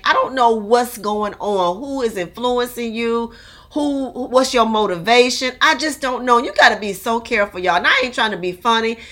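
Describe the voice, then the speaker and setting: A woman telling a story straight to her viewers in a casual, animated, exaggerated way, full of slang. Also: on the high side.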